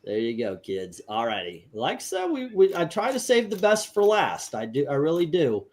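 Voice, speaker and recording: Male host, casual chat, rambling, relaxed, somewhat high voice. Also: normal speed. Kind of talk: casual live stream chat.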